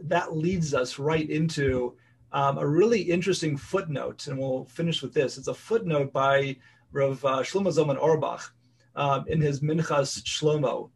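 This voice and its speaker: A man teaches a small study group in an easygoing, conversational way. He reads short passages aloud and then explains them in everyday English, full of "um" and "you know." His voice sits slightly high and has a husky edge. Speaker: Torah class teacher. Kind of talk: casual study-group lesson.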